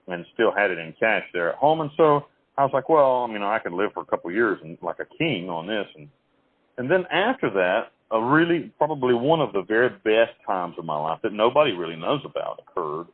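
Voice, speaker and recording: A man's voice: sits low, expressive, fairly quick, breathy edge, dry recording. Rambling man on a tinny phone line. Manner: rambling, with frequent restarts and acted quotes. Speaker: interview guest. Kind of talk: telling life stories over the phone.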